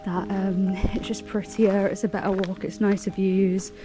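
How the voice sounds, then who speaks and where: A woman's voice: mid-range voice, flat delivery, normal speed. Young woman rambling to camera on a hike, laughs a lot, music in the background. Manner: chatty, rambling, laughs often. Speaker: hiking vlogger. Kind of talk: casual chat to camera. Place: outdoors on a hiking trail.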